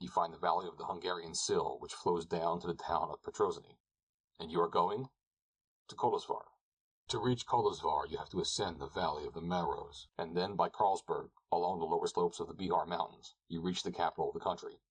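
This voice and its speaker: A man narrates an audiobook in a calm, even reading. His voice sits very low and has a husky edge. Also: fast talker, low-quality recording. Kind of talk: scripted narration.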